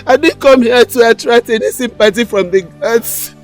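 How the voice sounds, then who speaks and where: A woman's voice: a little high, moderate pace, soft background music, lightly acted. An actress playing a crying village mother who accuses and demands answers, in a film drama. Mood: grieving. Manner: grief-stricken, accusing. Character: grieving village mother, bitter. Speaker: grieving mother. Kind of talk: Nollywood film acting.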